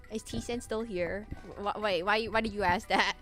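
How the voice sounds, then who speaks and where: A woman streams a game and rambles goofily, giggling often and humming or singing little snippets as she comments casually on her play. Her voice is medium-pitched and a bit bright, with fairly even intonation at a normal speed, and soft music plays in the background.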